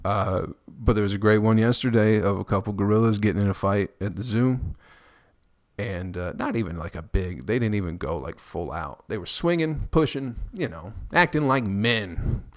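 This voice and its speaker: In an animated voice at a moderate pace, a podcast host talks alone into a close mic with no echo. His casual monologue is crude, rambling, heavy on swearing and jokes, and includes impressions of people in high, squeaky voices.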